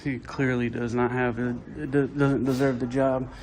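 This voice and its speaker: A man's voice: mid-range voice, level tone, moderate pace, darkish tone, low-quality recording. Indignant man filming a complaint. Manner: indignant, complaining, talking to camera. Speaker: video-recording visitor. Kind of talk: self-narrated confrontation vlog.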